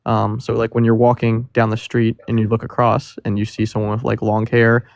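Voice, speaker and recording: Young man, 21, very flat monotone, gravelly fry, dry sound, measured debater. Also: mid-range voice, no echo, lo-fi sound. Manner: measured, argues with fillers. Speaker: caller debating the host. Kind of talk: live debate.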